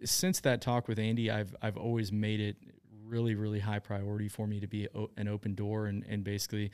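A man who owns a business, telling stories casually as an interview guest, chatty and quick to laugh. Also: lowish voice, monotone, a little mellow, clear, resonant tone, dry recording.

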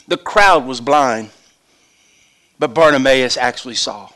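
An older man, a pastor, preaching a sermon with animated storytelling that swings between loud and hushed. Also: mid-range voice, slow pace.

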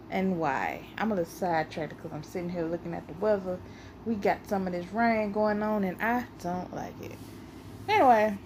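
Animated woman chatting on her podcast. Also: medium pitch, a little hiss or hum. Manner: animated storytelling, playfully argumentative. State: a little out of breath. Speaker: podcast host. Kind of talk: casual solo podcast chat.

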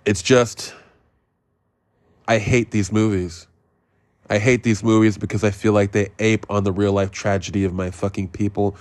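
A man's voice: lowish voice, level tone, normal speed, long pauses, darkish tone, no echo, clean studio sound. A man hosting a podcast, giving a blunt, profane movie review rant. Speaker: podcast host.

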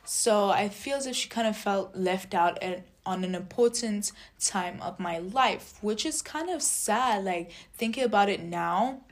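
A woman's voice: medium pitch, measured pace, few pauses. Chatty young woman telling a story. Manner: chatty, animated retelling with quoted dialogue. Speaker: vlogger. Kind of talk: casual storytelling vlog.

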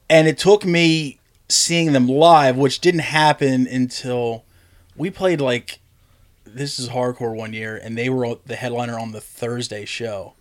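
A man hosting a casual podcast chat, telling animated stories, swearing often and acting out quotes in a higher voice. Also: measured pace. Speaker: podcast host.

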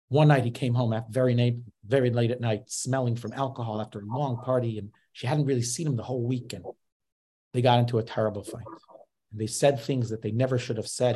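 A man's voice: mid-range voice, darkish tone, slightly rough. A man preaching a sermon, earnestly telling a parable sprinkled with Hebrew and Yiddish terms.

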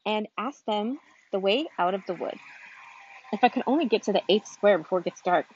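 A woman's voice: medium pitch, expressive, a little fast, lo-fi sound, slight background noise, natural voice. A woman voicing a curious little girl who rambles thoughtfully to herself, a bit timid. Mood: musing. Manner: musing, thoughtful, slightly timid.

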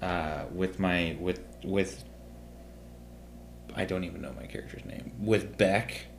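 A man's voice: low-pitched, steady tone, slow pace, gravelly, slight background noise. A young man co-hosting a podcast in casual chat, rambling and searching for his words. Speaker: podcast co-host.

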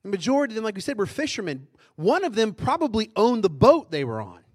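A man's voice: high-pitched, sing-song, fast talker. A middle-aged man preaching a sermon as pastor, in a conversational way that keeps asking the congregation questions.

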